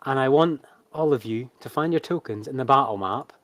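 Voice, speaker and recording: A man narrating a tabletop game as game master, halting and full of fillers. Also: mid-range voice, a bit bright, slight background noise.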